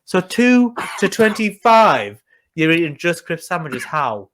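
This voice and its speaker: Wanted: a young British man, rambling comic storyteller with a fairly high voice, for a casual podcast. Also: very animated, unhurried, a bit bright, slight background noise. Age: young adult. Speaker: podcast co-host. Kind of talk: casual chat.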